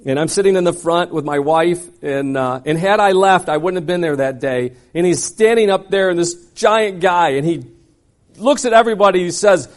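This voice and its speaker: A man telling a personal story in a sermon, dramatic and animated, acting out scenes with frequent asides. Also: high-pitched, moderate pace.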